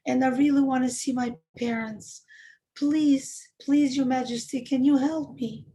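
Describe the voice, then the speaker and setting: A woman's voice: high voice, steady tone, unhurried, mellow. Woman doing a tearful pleading young boy. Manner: tearful, begging.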